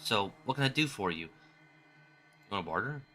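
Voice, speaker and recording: A wry woman in power armor from a video game, teasing in a dry tone, read by a man. The voice sounds bright and plain. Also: fairly low pitch, expressive, a little fast, faint music behind, pitched below the performer's own voice.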